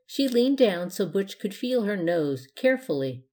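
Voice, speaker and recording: A woman reading a children's story aloud at a measured pace. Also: medium pitch, big pitch swings, mellow.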